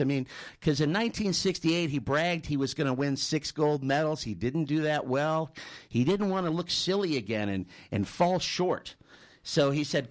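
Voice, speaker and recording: A man's voice: fairly high pitch, normal speed. A man hosting a talk show who thanks his guest and tells a story in a loose, conversational way, often repeating words. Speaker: host. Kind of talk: talk show, telling an anecdote.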